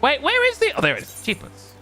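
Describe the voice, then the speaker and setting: A man's voice: extremely high pitch, wildly swooping pitch, very fast, pushed and bright. An Australian man streaming a game, chatty and giggly, rambling as he plays. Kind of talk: casual gaming commentary. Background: game music.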